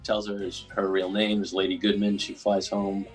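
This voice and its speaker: A man with a very low voice hosts a podcast and walks through a film scene by scene in loose, rambling chat, briefly acting out the characters' lines. Faint music plays beneath his voice. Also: completely flat delivery, low-quality recording. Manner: rambling, acts out quotes in quick bursts. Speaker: podcast host. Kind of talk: casual chat recapping a film.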